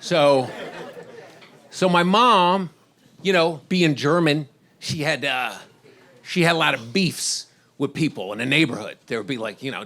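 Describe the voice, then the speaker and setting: With a medium-pitched, slightly bright voice, this middle-aged Washington, D.C. comic works through a stand-up set, rambling from story to story and chuckling at his own jokes.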